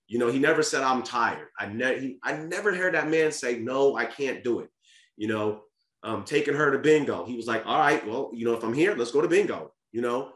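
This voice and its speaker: His mid-range voice moves with lively intonation, a little fast and fairly bright, as he shares an honest personal family story on a podcast. He's earnest and casual, frequently restarting and repeating words, in an echoey room.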